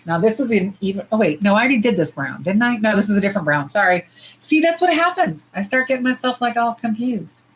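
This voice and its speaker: A middle-aged woman hosting a casual livestream. She talks bluntly with plenty of swearing and sometimes breaks into loud squeals. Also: mid-range voice, fast talker, hardly any pauses, husky, poor audio. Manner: blunt, profane and animated, jumping to loud squeals. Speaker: nail polish livestream host. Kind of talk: casual livestream chat while swatching.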